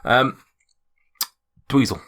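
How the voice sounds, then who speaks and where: A man narrating as game master of a tabletop game, relaxed and hesitant, with many ums and restarts. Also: drawn-out words.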